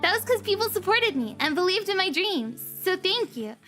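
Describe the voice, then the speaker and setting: High-voiced gushing woman streamer. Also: very animated, normal speed, a bit bright, soft background music. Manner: gushing, emotional, giggly. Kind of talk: casual livestream chat.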